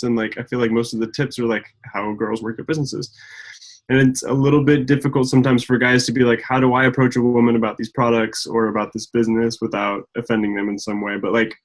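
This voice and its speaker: A man guest on a video call, talking in a relaxed, earnest way with many fillers like "like" and "you know". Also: mid-range voice, low-quality recording. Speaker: guest, husband of a distributor. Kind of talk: casual video call interview.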